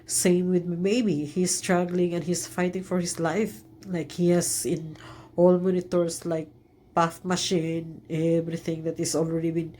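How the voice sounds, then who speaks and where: A woman vlogger telling a personal story in an earnest, emotional way, halting often with fillers and restarts. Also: on the low side, little pitch movement, warm tone, a little hiss or hum.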